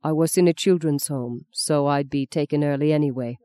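A narrator voicing a sixteen-year-old German soldier with a voice deep for his age, giving short, quiet answers. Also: brisk, smooth, no room sound, lightly acted. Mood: subdued. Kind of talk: audiobook character reading.

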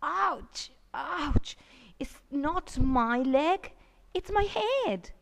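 A woman's voice: high-pitched, animated, drawn-out words, creaky, background noise, pitched above the performer's own voice, exaggerated voice. A woman voicing a whiny, impatient young boy in a children's storybook reading. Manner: complaining, whiny. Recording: long reverb.

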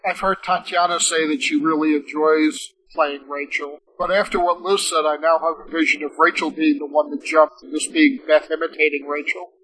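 A man in a casual chat, measured and speculative. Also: on the high side, steady tone, sharp tone, a little hiss or hum, low-quality recording.

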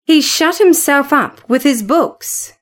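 A dutiful household servant answers in a firm, soothing and earnest way, as a woman narrator puts them on. The delivery is slow and measured, like a storybook reading. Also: high-pitched, lively intonation, fairly bright tone, full character voice.

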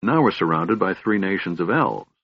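Man doing a grumbling old dwarf, blunt and gruff, husky, lo-fi sound. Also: sits low, animated, normal speed, exaggerated voice. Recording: dull, lo-fi audiobook recording.

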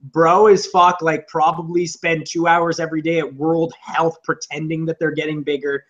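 A man co-hosting a podcast, chatting casually in a rambling, profane way and acting out loud shouted quotes. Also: a little high, level tone, normal speed, highs cut off. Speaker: podcast co-host. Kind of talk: casual comedic chat. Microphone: on camera, seated.

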